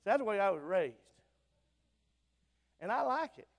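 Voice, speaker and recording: A visiting preacher from Alabama delivers a revival sermon in a Southern accent, his high-pitched, very animated, unhurried voice carried by the church sound system mic. Fervent and plain-spoken, he swings between loud bursts and soft asides, with long reverb filling the auditorium.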